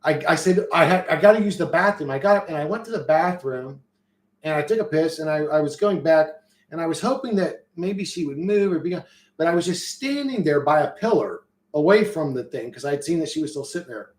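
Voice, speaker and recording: A man's voice: on the high side, expressive, fairly quick. A man talks in a loose, profane, slang-heavy ramble, restarting his sentences as he goes. He sounds like a casual stream host chatting with viewers, and his voice bounces around a roomy, echoey space. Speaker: livestream host reading chat. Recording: roomy echo.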